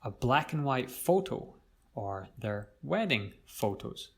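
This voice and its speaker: A man teaching an English vocabulary lesson, speaking clearly and drawing out words to show their pronunciation. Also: mid-range voice, very animated. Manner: slow, clear, stretches words to model pronunciation.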